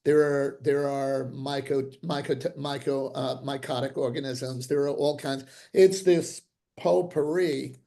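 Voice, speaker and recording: Over a video call, this older dentist recounts stories in an interview, lively and often restarting, mimicking others' voices as he quotes them. His mid-range voice is a little slow and carries vocal fry.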